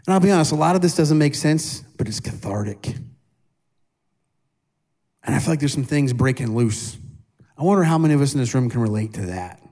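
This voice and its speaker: A man in his thirties preaching a sermon in a casual, animated way, asking his congregation questions and poking fun at himself. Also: mid-range voice, brisk, pauses often. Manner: self-deprecating humor. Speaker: pastor. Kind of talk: conversational sermon.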